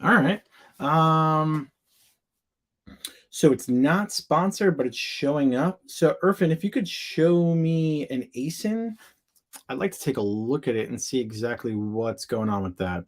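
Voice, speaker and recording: A man from the United States with a slightly high voice and a measured pace hosts a casual live Q&A for sellers from his home or office in Florida. He's chatty and playful, sharing his screen and tossing in made-up words as he answers questions.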